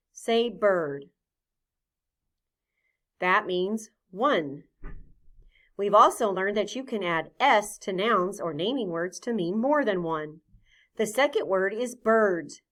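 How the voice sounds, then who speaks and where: A woman teaching a phonics lesson to young children, patient and clear, sounding out each letter sound deliberately. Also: medium pitch, a bit bright.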